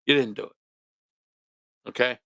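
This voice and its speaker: A man's voice: takes it slowly, bright, forceful tone, dry recording. A man from hosting a local talk show, ranting his opinions with pointed rhetorical questions. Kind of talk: opinionated monologue.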